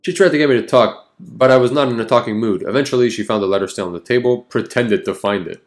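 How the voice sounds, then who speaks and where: A man's voice: mid-range voice, fast talker, soft background music. A man reading a story game aloud, with wry, exasperated asides between passages. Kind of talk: narrating and commenting casually.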